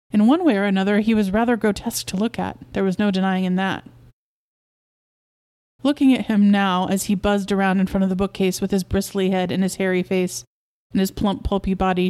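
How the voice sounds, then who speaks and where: A woman podcast host reading a short story aloud in a steady, even narration. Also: medium pitch.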